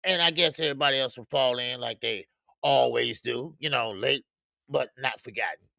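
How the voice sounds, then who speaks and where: Gravelly man hosting a boxing livestream. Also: mid-range voice, normal speed, pushed and bright, no echo, clean studio sound. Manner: slangy, greets chat viewers by name; rambling with stammered restarts. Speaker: boxing show host. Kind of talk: casual live-stream talk.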